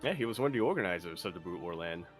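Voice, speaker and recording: A man co-hosting an esports podcast, chatting casually with jokey, animated asides. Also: sits low, rapid-fire, soft background music. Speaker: podcast co-host.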